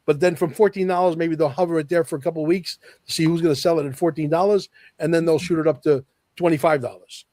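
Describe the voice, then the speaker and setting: A man with a fairly high voice talks in a casual podcast conversation, pressing his points with firm emphasis and repeating them. The sound is dry and close, with no room around it. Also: fairly even intonation, fast talker, warm tone, no echo. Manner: emphatic, repeats key phrases, confident predictions. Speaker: podcast guest.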